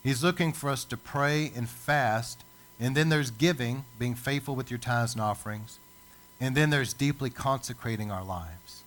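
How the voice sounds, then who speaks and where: A male pastor preaching a sermon, building emphasis with dramatic pauses. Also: medium pitch, a bit bright. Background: church service.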